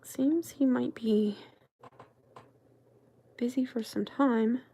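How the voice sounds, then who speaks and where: A woman's voice: a little high, drawn-out words, warm tone, slightly rough, exaggerated voice. A woman voicing a hesitant young woman who is nervous about a man, talking to herself in a whispered role-play. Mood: fretful.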